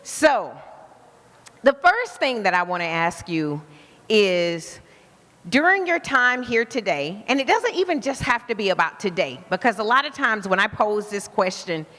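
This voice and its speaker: Slow-talking Alabama woman in a reverberant hall. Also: medium pitch, very animated. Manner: warm, engaging, asks the crowd questions. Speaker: guest speaker. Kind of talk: motivational talk to a live audience. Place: event venue with live audience.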